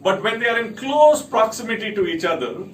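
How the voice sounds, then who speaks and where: A man's voice: sits high, expressive, fairly quick, recorded from a distance. A man giving a talk to camera, working through a list of points with emphatic delivery. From India. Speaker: company speaker. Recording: echoey room, from off mic, faint noise.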